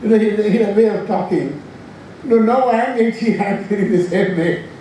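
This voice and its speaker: Old indian guy in his 80s rambling through a speech, kinda high voice, sounds far off in a big boomy hall. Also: a little fast, warm tone, slight background noise. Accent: Indian English. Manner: rambling, anecdotal, frequent restarts and self-corrections. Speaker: scientist giving an inaugural address. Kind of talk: informal speech. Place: large lecture hall.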